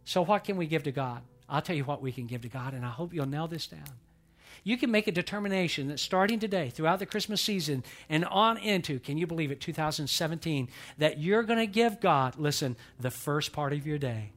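Emphatic pastor with a light voice. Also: male voice, fairly high pitch, expressive, brisk. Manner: emphatic preacher, swings between loud pushes and quiet asides. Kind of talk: sermon.

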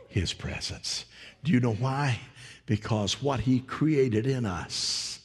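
Husky preacher man in a reverberant hall. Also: medium pitch, takes it slowly. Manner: swings from hushed whispers to loud rising exclamations. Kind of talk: sermon.

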